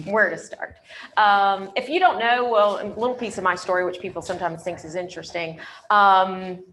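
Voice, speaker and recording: A woman's voice: medium pitch, steady tone, moderate pace, a bit bright, slight background noise. A woman real estate agent from North Carolina telling her own story on a panel, candid and chatty, with frequent ums.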